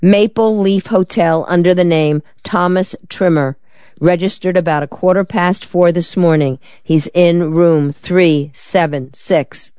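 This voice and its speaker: An audiobook reader voicing a terse, hurried male anonymous tipster. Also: medium pitch, steady tone, a little mellow, smooth, dry recording, lo-fi sound, close to an everyday voice. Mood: curt. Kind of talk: audiobook character reading.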